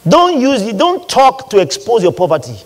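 Male preacher, high and lively, leading call-and-response in a sermon. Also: moderate pace.

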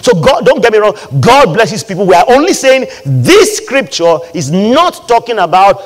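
Male preacher, high and lively, leading call-and-response in a sermon. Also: moderate pace.

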